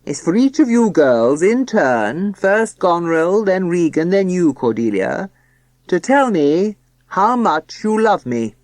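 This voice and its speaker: Pompous wealthy old dad voiced by a woman in an audiobook, slow and solemn, lively swings in pitch, dry close sound. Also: dry recording. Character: pompous rich older businessman father. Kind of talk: audiobook character voice.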